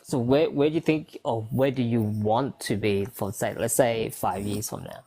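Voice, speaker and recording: A young woman with a strikingly low voice hosts a relaxed podcast chat. She is laid-back and curious, and she swears casually as she reminisces with a friend. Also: moderate pace, slight background noise. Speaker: podcast host.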